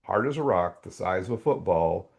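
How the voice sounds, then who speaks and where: An older man, a podcast guest, telling a faith testimony as an animated storyteller whose voice leaps up when excited. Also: low voice, moderate pace, vocal fry.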